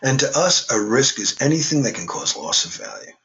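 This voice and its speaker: A man's voice: mid-range voice, huge pitch swings, brisk, gravelly, a bit bright, poor audio. A man teaching a class in a casual, conversational way, with joking asides. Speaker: instructor. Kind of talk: classroom lecture.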